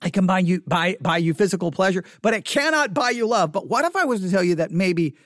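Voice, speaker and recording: A man preaching from an empty church sanctuary as pastor and podcast host, emphatic and animated, with playful asides. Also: high voice, a little fast, dry recording, clean studio sound. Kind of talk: live-streamed sermon.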